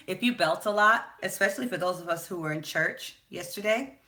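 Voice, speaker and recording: A woman vocal coach with a Southern US accent, giving a live-streamed warm-up lesson to a phone camera in a relaxed coaching manner. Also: on the low side, brisk. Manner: relaxed coaching talk broken by sung warm-up drills. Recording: instrument music playing behind.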